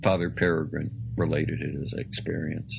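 Slow deep guy reading a story, gravelly, kinda muffled lo-fi sound. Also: flat delivery, slight background noise. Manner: slow, deliberate and dramatic. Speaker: narrator. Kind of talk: audiobook reading.

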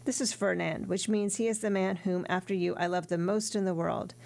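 A woman's voice: medium pitch, steady tone, a little fast, creaky, darkish tone, close to an everyday voice. A woman reading as a proud young woman in love. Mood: determined.

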